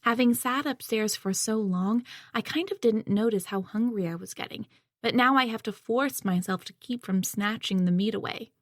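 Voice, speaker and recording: A woman reading a first-person audiobook in a measured, reflective way. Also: fairly high pitch, no echo, clean studio sound. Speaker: audiobook narrator.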